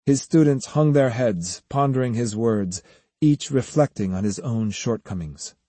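A man narrates an audiobook in a steady, even storytelling voice. His tone is husky and dark, recorded close and dry. He keeps a slightly raised, calm delivery. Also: mid-range voice, measured pace, dry recording. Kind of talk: scripted narration.

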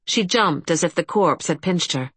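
Low-voiced woman reading a story. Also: animated, moderate pace, fairly bright tone, husky, no echo. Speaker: audiobook narrator. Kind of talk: scripted fantasy narration.

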